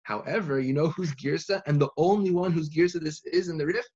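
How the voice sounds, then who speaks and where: A young man teaching a Talmud lesson in yeshiva style, animated and full of restarts. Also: a little high, brisk, slightly rough, lo-fi sound. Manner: animated, uses Hebrew and Yiddish learning terms, many restarts. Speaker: Torah teacher.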